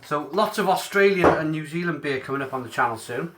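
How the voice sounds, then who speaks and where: A beer reviewer hosts a casual live-stream unboxing, speaking into his mobile phone camera while answering viewers' comments aloud. His voice is a little high, animated and brisk, and he stays chatty and upbeat over a noisy background.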